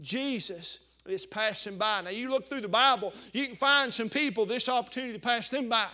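A man preaching a fervent sermon, rising to shouts at its high points. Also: moderate pace. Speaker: pastor.

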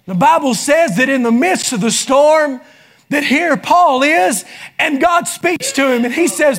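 A man preaching a sermon, building into fervent shouts. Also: very high-pitched, lively intonation, unhurried. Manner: impassioned, rising into shouts.

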